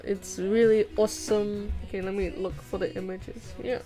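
A young female streamer chats casually while drawing on a livestream, reading the chat aloud and sometimes giggling or swearing. Her medium-pitched voice has a dark tone, fairly even intonation and a moderate pace. The recording is low quality, with music playing in the background.

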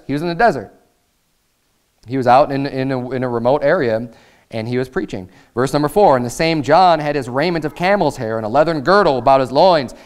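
In a church sanctuary, a pastor with a slightly high, notably smooth and resonant voice reads scripture in an even, deliberate cadence. He then rises into loud, fervent preaching that swells into raised, emphatic passages.

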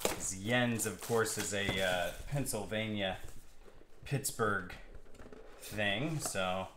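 Relaxed man co-hosting a card break. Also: lowish voice, takes it slowly. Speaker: co-host opening packs. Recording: echoey room with faint noise.

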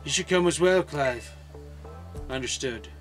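A guarded young woman who leads a rebel team, voiced by a man reading aloud. The slightly raised voice stays plain and steady, with game music faint in the background. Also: a little high, unhurried, natural voice. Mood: sincere. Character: secretive young female team leader.

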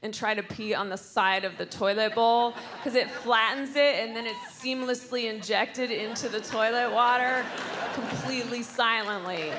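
A woman's voice: on the high side, noisy background. A woman performing a rambling, self-deprecating stand-up set on stage in front of a live audience. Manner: rambling, self-deprecating, with loud put-on voices. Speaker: stand-up comedian. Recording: live crowd recording. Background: audience laughter.

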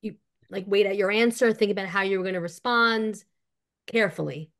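A woman's voice: medium pitch, fairly quick, fairly bright tone. A woman who coaches clients, chatting as a guest on a podcast, supportive but blunt and casually swearing.

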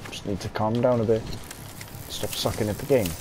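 A man's voice: lowish voice, steady tone, fairly quick, background noise. A young man giving gameplay commentary, irritable and swearing, muttering to himself as he plays. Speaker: gamer.

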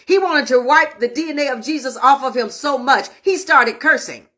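A woman's voice: high voice, moderate pace, pushed and bright. A woman minister preaching an online sermon, emphatic and repetitive, speaking straight to her viewers. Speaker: minister and host of an online prayer show.

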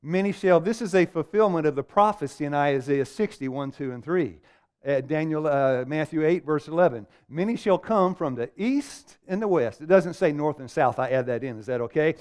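A man's voice: fairly high pitch, lively intonation, normal speed, a little mellow, clean tone. A middle-aged man preaching a seminar sermon to a live audience, firing questions at them and calling for amens. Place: meeting room with a live audience.

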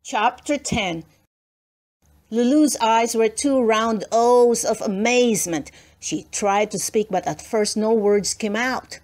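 Woman narrator, children's book read aloud, unhurried pace, slightly high voice. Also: a little mellow.

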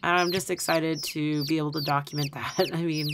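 A woman co-hosting a casual podcast, telling animated stories with lots of fillers and laughter. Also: deep voice, brisk, background noise. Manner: animated storyteller, many fillers, laughs often. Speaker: podcast co-host. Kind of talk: casual chat.

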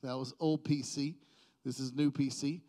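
A man's voice: mid-range voice, flat delivery, moderate pace, warm tone. A middle-aged male pastor preaching a sermon in a church, conversational and self-deprecating, joking with the congregation.

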